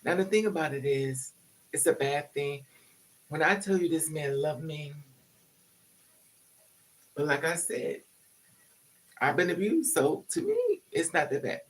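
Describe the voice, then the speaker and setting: A woman's voice: deep voice, sing-song, measured pace, long pauses. A woman telling a personal story to camera in a casual, confessional way. She rambles and repeats herself, swears freely, and gets emotional as she talks. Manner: rambling, repetitive, emotional and profane.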